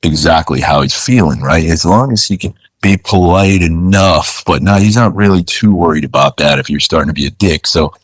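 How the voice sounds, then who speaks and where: A Florida charter fishing captain tells stories in a deep voice at normal speed, with few pauses and no room sound. He's laid-back, says "dude" and "you know" a lot, and acts out what people said as he casually spins his tales.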